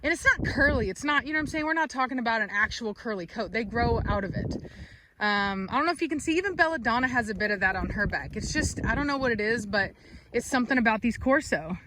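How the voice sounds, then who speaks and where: A woman's voice: fairly high pitch, lively intonation, fast talker. Woman cooing at her dogs. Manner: coos baby talk at the dogs, calls them loudly. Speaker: dog breeder and channel host. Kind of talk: casual vlog chat. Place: outdoors with dogs. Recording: noisy outdoor recording.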